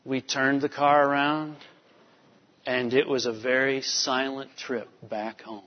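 A pastor telling a family story in a sermon, storytelling with many fillers. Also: male voice, medium pitch, flat delivery, slow pace. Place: church sanctuary. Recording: dull reverberant church hall. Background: long hall reverb.

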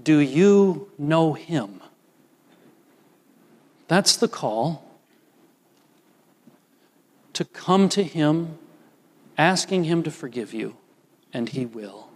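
An older man preaching a sermon as pastor, slow and deliberate with emphatic pauses. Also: fairly high pitch, lively intonation, a little mellow. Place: church sanctuary. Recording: long reverb of a church hall.

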